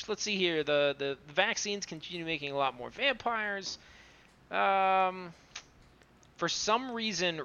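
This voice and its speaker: A man's voice: a little high, sharp tone. A man co-hosting a casual anime review podcast, rambling and sarcastic, swearing as he recaps the plot. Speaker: podcast co-host. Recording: dull lo-fi sound.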